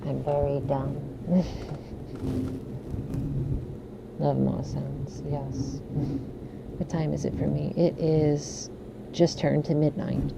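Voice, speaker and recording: A woman streaming casually on a studio microphone from home, soft-spoken, apologetic and giggly. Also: deep voice, flat delivery, very slow, gravelly, long pauses, lo-fi sound, heavy background noise. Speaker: ASMR streamer. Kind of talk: casual live-stream chat. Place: home room with an air conditioner running.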